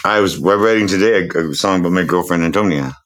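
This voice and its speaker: A middle-aged man with a deep, low voice rambles through a casual podcast chat. He jokes loosely and lets his thoughts drift off mid-sentence. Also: quick pace, a bit bright. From Boston's North Shore, USA. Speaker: guest musician.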